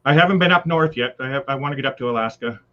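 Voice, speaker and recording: A man's voice: medium pitch, racing, dull audio. A man from British Columbia, a guest on a live chat show, talking in a rambling way with many fillers and restarts. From British Columbia, Canada. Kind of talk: casual chat.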